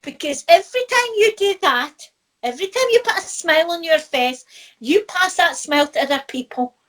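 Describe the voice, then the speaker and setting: Scottish lady with a high voice, chatty, tells stories and laughs a lot. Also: a little fast. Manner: lively storyteller who laughs often. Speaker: spiritual teacher. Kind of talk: casual chat.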